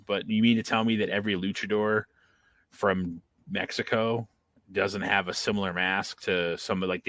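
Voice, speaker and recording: A man's voice: fairly low pitch, sharp tone, no echo. A man co-hosting a casual wrestling podcast, leaning on "like" and sounding exasperated. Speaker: podcast co-host.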